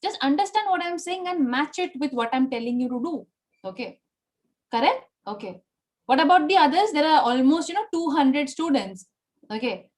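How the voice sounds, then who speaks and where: A woman's voice: high voice, animated, moderate pace. A woman teaching a Spanish language class online, explaining patiently and checking in with "okay?" and "right?" after nearly every sentence. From India.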